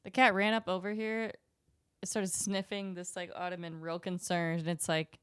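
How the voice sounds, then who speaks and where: A woman's voice: lowish voice, flat delivery, normal speed, clean tone, no room sound, clean studio sound. A woman co-hosting a casual podcast chat, candid and laughing, with casual swearing. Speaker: podcast co-host.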